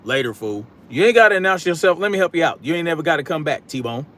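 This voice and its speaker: A man's voice: a little high, lively intonation, quick pace, a bit bright. A man hosting a political live stream, talking bluntly and combatively, projecting his voice, reading chat comments, and using casual slang. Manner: casual slang, repeats catchphrases.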